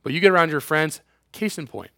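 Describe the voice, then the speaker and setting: A man's voice: on the high side, expressive, a little fast, vocal fry, bright, forceful tone, no echo, studio quality. A young man preaching a sermon in a casual, joking way, acting out quotes and using sarcasm. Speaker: youth pastor.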